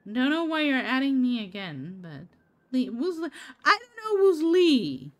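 A woman streamer talks to her chat while she plays, unhurried and easygoing. Her voice is a little high and swings up and down a lot. She laughs often and greets viewers by name. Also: big pitch swings, a bit bright. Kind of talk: casual live-stream chat while gaming.

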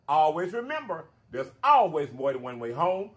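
A man hosting a mukbang vlog, talking straight to his viewers in an animated, emphatic way and repeating his phrases for effect. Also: a little high, moderate pace. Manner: emphatic, preachy encouragement. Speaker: mukbang channel host. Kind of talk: casual vlog sign-off talk.

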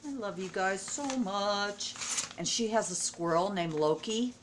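Middle-aged woman, home vlog, emotional and gushing, unhurried speech, faint room noise. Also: mid-range voice. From United States. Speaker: vlogger. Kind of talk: casual vlog unboxing. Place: at home indoors.

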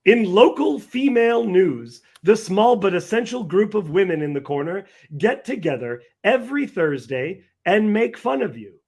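A man co-anchoring a mock news show, reading absurd headlines deadpan. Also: high voice, normal speed. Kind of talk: scripted comedy news reading.

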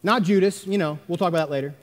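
A man preaching a sermon as pastor, emphatic, swinging between loud stresses and hushed asides. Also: sits high, racing. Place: church sanctuary. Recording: long church reverb.

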